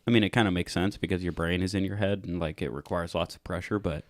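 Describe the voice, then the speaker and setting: A man's voice: low voice, fairly even intonation, quick pace, no echo, clean studio sound. A young man co-hosting a podcast in casual chat, rambling and filling his sentences with "like". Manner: rambling, heavy use of "like" fillers. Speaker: podcast co-host.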